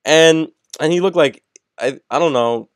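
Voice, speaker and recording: A man's voice: a little high, a little slow, no room sound, studio quality. Rambling young man telling a gym story. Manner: swearing, rambling, lots of "like" and "bro". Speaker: podcast co-host. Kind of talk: casual storytelling chat. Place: home setup, live stream. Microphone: headset.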